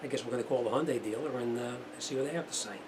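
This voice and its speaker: Plainspoken mechanic in a noisy shop. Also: male voice, mid-range voice, very fast. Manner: plainspoken, chatty, uses fillers. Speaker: auto mechanic. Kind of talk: casual how-to demonstration. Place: auto repair shop.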